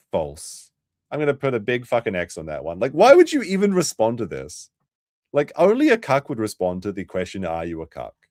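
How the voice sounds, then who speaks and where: A man hosting a live-stream commentary show, casual and profane, mocking his subjects and often breaking into loud laughter. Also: on the high side, no echo, clean studio sound. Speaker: livestream commentary host.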